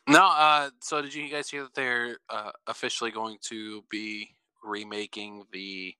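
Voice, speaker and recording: A man's voice: on the low side, steady tone, unhurried, sharp tone, clear, resonant tone, no echo, low-quality recording. A man co-hosting a podcast in casual chat, easygoing and trailing off with fillers. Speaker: podcast co-host.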